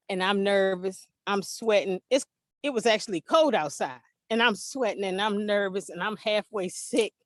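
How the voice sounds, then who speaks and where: A mother telling an animated, emphatic story in an interview, acting out the dialogue. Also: medium pitch, dry recording. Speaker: interview guest, parent.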